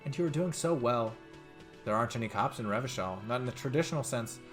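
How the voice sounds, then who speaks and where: A man voicing a kindly, motherly older woman in a video game, who talks softly and calls people dear. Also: medium pitch, lively intonation, fast talker, music in the background, close to an everyday voice. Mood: gentle. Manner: soft, sweet, calls people dear and sweetie.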